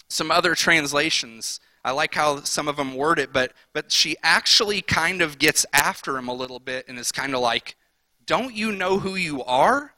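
Male pastor, slightly high and very bright voice, conversational sermon with quick character voices. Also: no room sound.

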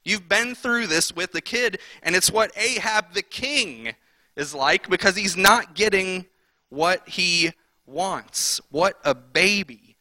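Male pastor, slightly high and very bright voice, conversational sermon with quick character voices. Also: no echo.

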